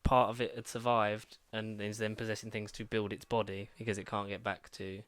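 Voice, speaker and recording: A man's voice: fairly low pitch, little pitch movement, brisk, fairly bright tone. A man co-hosting a podcast, recapping plots in a rambling way, full of "like" and restarts. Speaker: podcast co-host. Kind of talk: casual chat.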